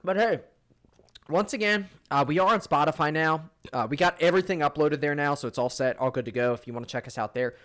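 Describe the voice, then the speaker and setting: A man's voice: a little high, fast, a bit bright. A young man co-hosting a podcast in casual chat, blunt, rambling and full of swearing. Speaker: podcast co-host.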